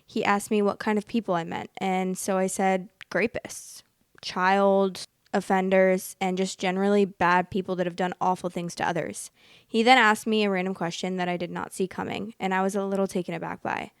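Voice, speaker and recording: A woman hosts a podcast, reading an online story aloud before breaking off to react to it in her own words. Her voice sits at an ordinary middle pitch, and the sound is dry and close. Her reactions are expressive, full of fillers and restarts as she thinks out loud. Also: normal speed, smooth, no room sound. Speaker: podcast host.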